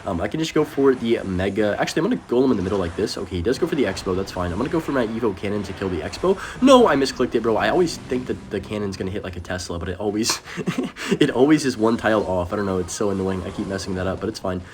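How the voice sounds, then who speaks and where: A young man giving live commentary over his own gameplay, excitable and chatty, addressing viewers directly. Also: on the low side, a little hiss or hum. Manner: fast, excitable, talks to viewers as guys. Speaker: gaming commentator.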